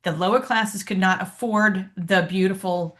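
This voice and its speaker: Bright-voiced chatty woman. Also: mid-range voice, steady tone, moderate pace. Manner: chatty storytelling, full of ums and asides. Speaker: podcast co-host. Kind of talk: casual chat.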